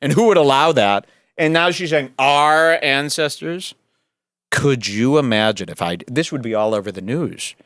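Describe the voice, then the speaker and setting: A man's voice: medium pitch, normal speed, fairly bright tone, no room sound, studio quality. A man hosting a podcast, giving sarcastic, scoffing commentary over a clip, often breaking into laughter. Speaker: podcast host.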